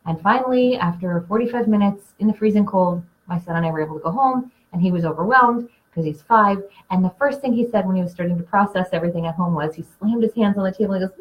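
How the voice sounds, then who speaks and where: A woman hosting a casual live class, a chatty storyteller who gets animated telling anecdotes. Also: mid-range voice, fast talker, few pauses, highs cut off. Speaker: essential oils class host and Reiki practitioner.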